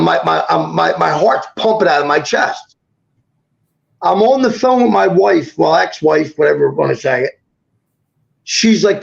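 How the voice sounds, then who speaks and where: On a talk show, a male guest emotionally recounts a personal story in a high, gravelly voice. He rushes in quick bursts, stumbles and restarts often, and quotes everyone involved. The recording sounds dull and lo-fi.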